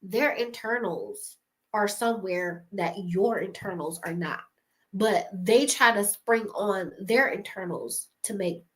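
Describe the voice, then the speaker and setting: A woman's voice: mid-range voice, a bit bright. A woman, chatting casually to camera, giving motivational advice to creators, often laughing and calling her viewers y'all.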